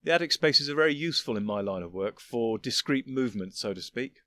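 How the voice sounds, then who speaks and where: A man's voice: mid-range voice, animated, fairly quick, a bit bright, close to an everyday voice. A man reading a story voices a sly, cocky male guild leader with a cool, smug manner. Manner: smug, coolly challenging.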